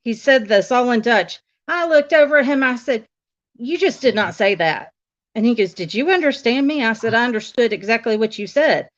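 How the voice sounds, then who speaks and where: A woman's voice: fairly high pitch, moderate pace. A woman from the United States chatting casually on a live stream and telling stories, laughing often. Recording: dull, lo-fi stream audio.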